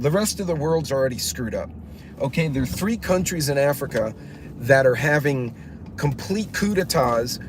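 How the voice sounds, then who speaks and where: A man hosting a livestream, telling rambling stories in casual, profane chat and reading the chat aloud. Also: medium pitch. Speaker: channel host. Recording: noticeable background noise.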